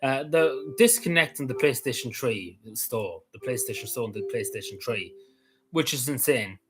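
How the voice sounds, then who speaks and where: A man's voice: medium pitch, normal speed, low-quality recording. A man with a Cavan Irish accent hosting a livestream, chatting casually, rambling and repeating himself as he answers viewers' messages. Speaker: livestream host.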